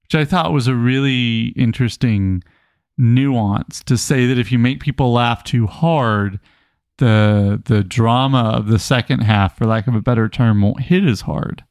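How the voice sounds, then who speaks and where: A man co-hosting a casual book club podcast, an animated storyteller who reads passages aloud with emphasis. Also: mid-range voice, a little slow, dry recording, studio quality. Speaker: podcast co-host.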